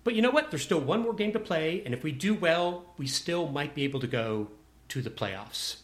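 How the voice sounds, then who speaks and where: A man with a somewhat high-pitched voice recounts a personal anecdote to a listener. He talks casually, with wry, self-deprecating humor. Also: expressive, normal speed.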